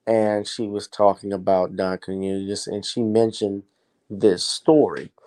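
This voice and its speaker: A man's voice: on the low side, mellow, rough recording. A man hosting a late-night live stream, giving rambling, opinionated commentary and sounding tired. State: tired, yawning.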